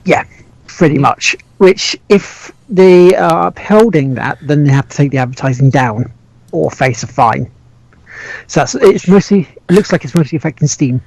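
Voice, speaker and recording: A man's voice: fairly high pitch, animated, normal speed, vocal fry, a little mellow, low-quality recording. A man from the United Kingdom co-hosting a gaming podcast in casual chat, often laughing as he talks. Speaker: podcast co-host.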